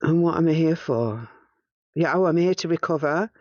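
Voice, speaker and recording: A man recounting a past-life regression in the first person, in a halting, hesitant way as he searches for words, on a slightly muffled recording. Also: fairly high pitch, darkish tone, dry recording.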